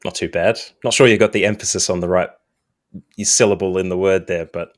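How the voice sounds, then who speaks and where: A man's voice: deep voice, fairly even intonation, a little fast. A man co-hosting a gaming podcast, chatting casually in a wry, self-deprecating way and laughing often. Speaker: podcast co-host.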